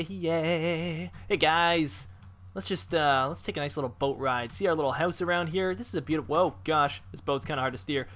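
A man giving casual, excitable commentary while playing a video game, chatty and quick to exclaim. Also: fairly high pitch. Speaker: gamer.

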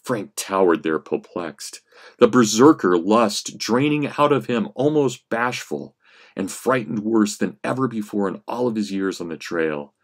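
A history professor reading a story aloud in class, expressive, rising for action and dropping low for menace. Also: male voice, a little slow. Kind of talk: dramatic reading of a story in a lecture.

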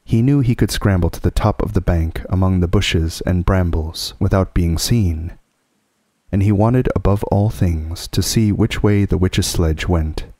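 A man reading a classic children's book aloud as a calm, soothing sleep story. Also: low voice, unhurried, no echo.

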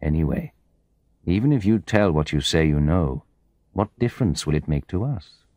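A man's voice: rumbling low, lively intonation, moderate pace, a little mellow, dry recording, clean studio sound. A man voicing a greedy, menacing businessman in an audiobook, speaking in an arrogant, threatening way.

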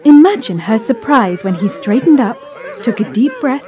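A woman narrating a children's story in a calm, clear, measured way. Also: fairly high pitch.

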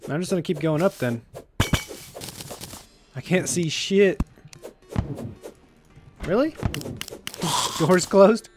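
A young man doing let's play commentary, excitable and given to shouting at enemies in frustration. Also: high-pitched, unhurried, pauses often, music in the background. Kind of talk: gameplay commentary.

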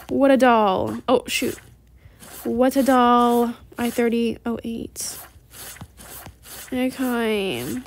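A woman hosting a gaming channel, giving casual gameplay commentary in a chatty, rambling way that turns excited easily. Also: high-pitched, gravelly.

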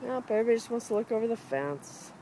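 High lively woman calling her dogs. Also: fast talker, a little hiss or hum. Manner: sing-song coaxing calls to the dogs. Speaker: dog owner filming her pets. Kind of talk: casual home video narration. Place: backyard outdoors by a fence. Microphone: handheld camera.

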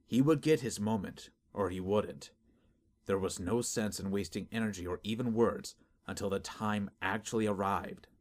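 A man giving steady, measured scripted narration of a fantasy audiobook. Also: fairly low pitch.

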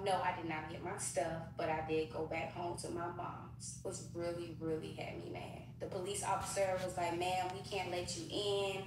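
A woman telling a casual storytime in an animated way, often speaking straight to the viewers. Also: on the low side. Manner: animated, addresses viewers as "y'all". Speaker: storyteller in a played clip. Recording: echoey room from far off, noisy.

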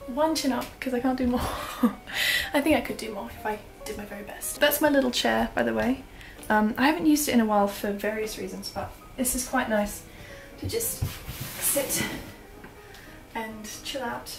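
A bright-voiced young woman from Australia talks through a casual tour of her tiny flat, her accent slipping toward British now and then. She rambles with fillers and giggles. The sound is echoey, with soft music underneath. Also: fairly high pitch, moderate pace, vocal fry. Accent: Australian, drifting British. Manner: chatty, giggly, lots of fillers. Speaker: vlogger. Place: small apartment room. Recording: echoey small room, faint background music.

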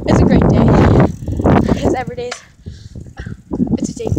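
A woman's voice: on the high side, moderate pace, long pauses. A woman vlogging outdoors in the cold, chatting casually and exclaiming over and over. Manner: excitable, keeps exclaiming. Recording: loud outdoor noise.

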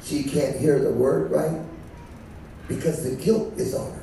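A man's voice: mid-range voice, steady tone, a little slow, gravelly, dark tone, a little hiss or hum. A man preaching as a bishop in a conversational style, answered by the congregation. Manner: conversational preaching with call-and-response. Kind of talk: sermon. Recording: echoey church from far off.

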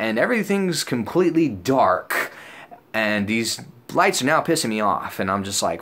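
A man's voice: mid-range voice, big pitch swings, moderate pace, sharp tone. A young man vlogger telling a story casually. He rambles and swears, fills his talk with "like" and "dude", and acts out his own past lines in a raised voice. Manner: rambling and profane, full of "like" and "dude".

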